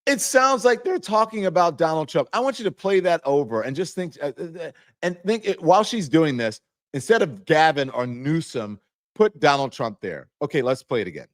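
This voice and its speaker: A man hosting a political commentary show, mocking the clips he plays and breaking into high, exclaiming bursts. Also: lively intonation, moderate pace. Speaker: show host.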